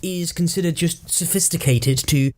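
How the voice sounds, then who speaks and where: A man's voice: on the high side, moderate pace, warm tone. A man co-hosting a podcast, chatting casually and thinking aloud with frequent hesitations and restarts. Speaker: podcast co-host. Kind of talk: casual chat, improvised storytelling.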